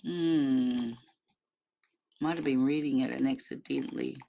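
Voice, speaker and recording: A woman's voice: rumbling low, steady tone, unhurried, creaky, warm tone. A middle-aged woman with a New Zealand accent, hosting a casual livestream, talking in an impassioned, rambling way full of fillers and restarts into a computer mic. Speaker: livestream host.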